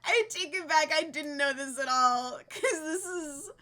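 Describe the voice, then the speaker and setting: A woman's voice: high voice, unhurried, sharp tone. A young woman live streaming a game, chatting casually and giggling as she reads out names with delight.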